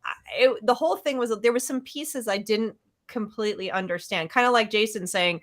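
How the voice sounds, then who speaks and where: A woman co-hosting a casual film discussion over a video call, halting and restarting often, laughing easily. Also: fairly high pitch. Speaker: panel co-host.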